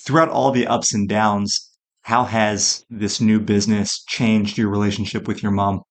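Low-voiced male podcast host. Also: level tone, moderate pace. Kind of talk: interview questions.

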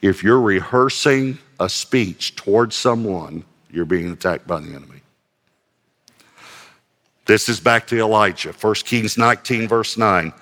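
Pastor guy preaching, lowish voice, chatty and joking, reverby hall sound. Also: a little slow, a bit bright. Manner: conversational, self-deprecating humor, reads scripture aloud. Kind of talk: sermon.

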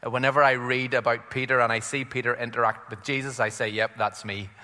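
A man's voice: medium pitch, steady tone, fast, bright, forceful tone, big-room sound. A man with an Irish accent preaching a conversational sermon, with frequent fillers and restarts as he retells a scripture story.

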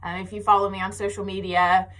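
A woman's voice: medium pitch, little pitch movement, fast talker, a bit bright. An American woman in her thirties hosting a podcast in casual, chatty talk and laughing often. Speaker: podcast host. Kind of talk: casual chat.

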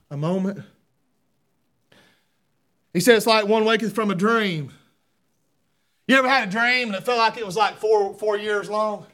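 A middle-aged man preaching a sermon, fervent, swinging between loud shouts and hushed asides. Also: sits high.

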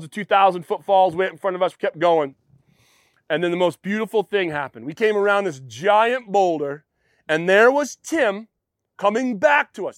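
High-voiced man preaching a sermon. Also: no room sound, studio quality. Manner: storytelling, acts out quotes, asks the audience questions. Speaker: pastor. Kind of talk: sermon with personal story.

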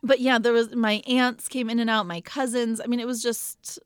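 Female podcast co-host, animated storyteller, slightly high voice, dry studio sound. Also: moderate pace, clear, resonant tone, no echo. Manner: animated storyteller, acts out quotes. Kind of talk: casual chat.

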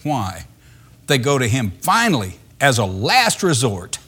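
A man preaching a sermon in a lively, conversational way, reading scripture and then explaining it with laughter and acted-out voices. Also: mid-range voice, a little slow, slightly rough.

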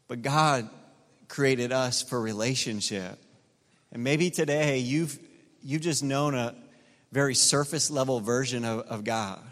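A middle-aged man preaches from the pulpit, swelling into fervent peaks and easing back down. His voice rings through a large church hall with a long reverb tail. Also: mid-range voice. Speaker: pastor. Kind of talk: sermon.

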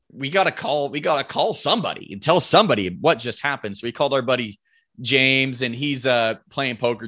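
A man guesting on a podcast, telling a hunting story in a casual, animated way, acting out what people said and swearing freely. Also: mid-range voice. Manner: animated, acts out quoted lines, swears casually. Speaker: podcast guest, bow hunter.

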